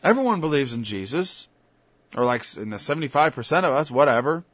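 A man with a mid-range, slightly bright voice preaches quickly, his pitch swinging widely, in an informal Bible-study sermon. He's conversational, breaks off and restarts, and builds to emphatic high points; the recording is dull, lo-fi, and dry with no echo.

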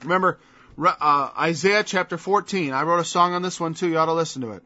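A man's voice: a little high, fast, bright, forceful tone. A man preaching a sermon, emphatic and scornful, firing off rhetorical questions on a dull lo-fi recording.

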